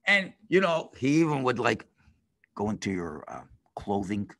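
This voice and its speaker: Man teacher, children's story, very lively, husky, bright, video call. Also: medium pitch, moderate pace. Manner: animated, playful, with sound effects.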